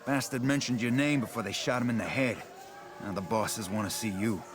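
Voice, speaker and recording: An actor playing a blunt, tough-talking mob underling who plots to take over. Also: male voice, lowish voice, fairly even intonation, brisk, natural voice. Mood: scheming. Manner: tough-guy, blunt, conspiratorial. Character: scheming male mob underling plotting a takeover. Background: game music.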